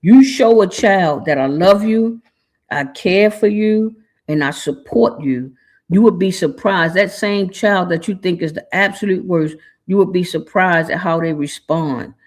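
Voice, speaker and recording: A woman's voice: lowish voice, unhurried, darkish tone. Woman, podcast host, heartfelt monologue, casual slang, holding back tears. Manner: earnest and casual, with informal slang.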